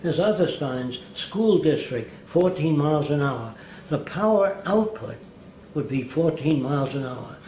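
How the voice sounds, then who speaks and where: An older man, appearing as an interview guest, rambles through anecdotes and acts out the people he quotes. His voice is a little high, expressive and unhurried with a darkish tone, recorded in a roomy space with faint background hiss.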